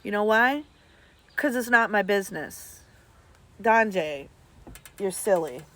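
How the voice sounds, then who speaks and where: A woman's voice: medium pitch, expressive, takes it slowly, fairly bright tone. A woman, chatting casually and bluntly to her viewers as a streamer, swearing freely. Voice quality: blunt and profane, talks straight at viewers. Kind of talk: casual chat.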